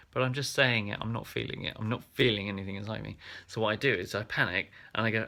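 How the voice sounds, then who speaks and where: A man's voice: on the low side, steady tone, fast, hardly any pauses, bright, forceful tone. A man from England's Black Country talking through a casual, self-reflective vlog, rambling and hesitant with frequent ums and restarts. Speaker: vlogger.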